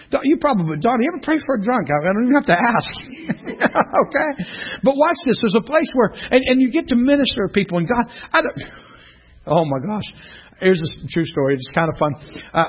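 A middle-aged man, a pastor teaching a class in a church room, telling stories in an animated way and often laughing. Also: high voice, husky. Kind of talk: preaching to a class. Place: church classroom, streamed online.

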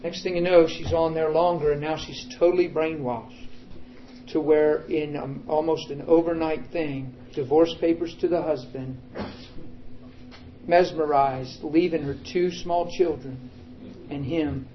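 A man's voice: fairly high pitch, steady tone, unhurried, highs cut off, slight background noise. Dramatic storytelling preacher man. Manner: dramatic storytelling that swings from hushed to emphatic. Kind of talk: storytelling sermon.

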